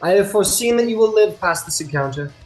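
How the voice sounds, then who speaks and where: A man's voice: sits high, animated, fast talker, faint music behind, pitched above the performer's own voice, low-quality recording. A man putting on a meek witch-seer lady. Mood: apologetic. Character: female seer witch, apologetic and odd.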